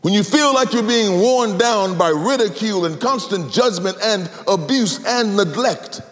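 A man's voice: lively intonation, a little slow. Sing-song preaching man in an echoey hall. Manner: sing-song preaching cadence, swings between loud cries and low murmurs. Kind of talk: sermon.

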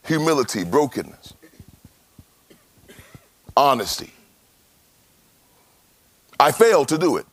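A man's voice: medium pitch, big pitch swings, slow, pauses often, no room sound. A man preaching a sermon as pastor, dramatic, with rhetorical questions.

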